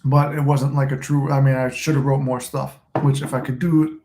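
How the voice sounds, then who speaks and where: A man's voice: mid-range voice, level tone, a little fast, mellow. Rambling man in an echoey room. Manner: rambling, loose and profane. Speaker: manifesting channel host. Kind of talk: casual livestream chat. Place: room at home, smoking a cigar. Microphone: phone recording.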